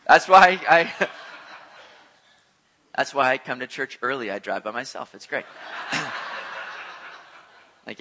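A man preaching a sermon as a pastor, animated, with joking asides. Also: mid-range voice.

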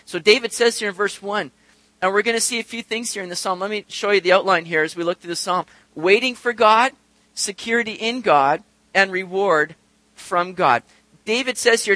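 Man, pastor, sermon, animated storytelling, rhetorical questions, high bright voice, dry sound. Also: normal speed, no echo.

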